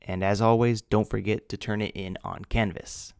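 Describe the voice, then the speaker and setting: A man's voice: fairly low pitch, level tone, moderate pace, creaky, smooth, dry recording, clean studio sound. A man teaching English grammar, patiently spelling out words letter by letter. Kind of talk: slow grammar lesson.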